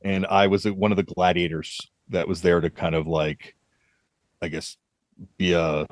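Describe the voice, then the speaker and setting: A man's voice: deep voice, flat delivery, a little slow, no echo. A man hosting a podcast, telling rambling anecdotes in casual chat and laughing often. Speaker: podcast host.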